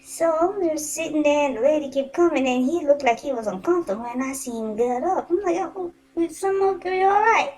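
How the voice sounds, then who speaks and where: A woman telling a personal story in a casual, animated and colloquial way, swearing freely. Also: high voice, fast, hardly any pauses, poor audio.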